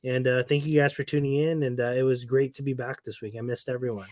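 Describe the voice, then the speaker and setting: A man's voice: mid-range voice, fairly even intonation, quick pace, darkish tone, no room sound, studio quality. A man co-hosting a podcast, steadily plugging upcoming episodes and thanking listeners. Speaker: podcast co-host. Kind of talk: casual podcast sign-off plug.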